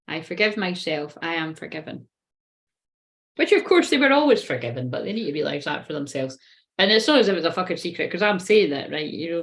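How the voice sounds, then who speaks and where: A woman giving a casual tarot reading, talking in a chatty, rambling way, swearing constantly and laughing at herself. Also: fairly low pitch. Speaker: tarot reader.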